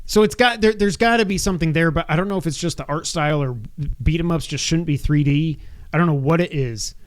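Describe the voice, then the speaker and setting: Man, podcast co-host, gaming news chat, wry and opinionated, slightly higher voice. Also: fast talker. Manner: wry, opinionated, reads news items then riffs.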